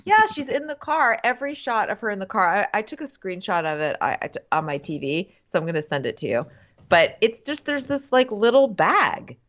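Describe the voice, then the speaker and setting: A woman's voice: medium pitch, big pitch swings, a little fast, a bit bright. Chatty woman on a dull lo-fi recording. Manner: chatty, quotes people in playful impressions. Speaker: podcast co-host. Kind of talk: casual comedic recap chat. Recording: dull lo-fi audio.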